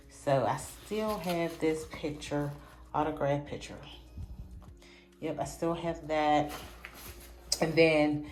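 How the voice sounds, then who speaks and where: Chatty low-voiced woman in an echoey room. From Pittsburgh, USA. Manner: chatty, tickled, easily excited. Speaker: vlogger. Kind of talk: casual nostalgic show-and-tell. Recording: echoey room with soft background music.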